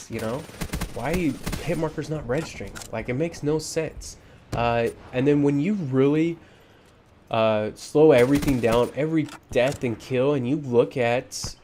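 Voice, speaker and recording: A man's voice: medium pitch, a little mellow, slight background noise. A man giving frustrated, ranting commentary over gameplay footage, with lots of fillers and restarts. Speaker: gaming YouTuber.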